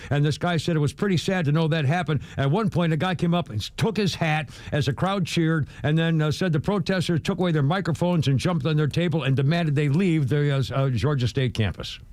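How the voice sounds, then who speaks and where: Male radio host, slightly high voice, chatty and rambling, dry close studio mic. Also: a little fast, few pauses, a little mellow, dry recording. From New England. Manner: rambling, lots of uh fillers. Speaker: radio talk show host. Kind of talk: casual radio talk.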